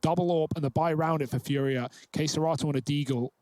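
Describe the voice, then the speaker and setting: A man calling a live esports match with quick, analytical play-by-play. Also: on the high side, fairly even intonation, a little mellow, no echo. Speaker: esports caster. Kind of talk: live game commentary.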